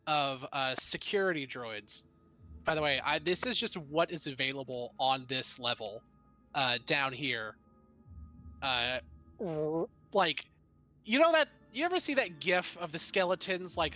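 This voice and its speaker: A man's voice: on the high side, bright, forceful tone. A man narrating a tabletop game as game master, loose and laughing, with lots of fillers.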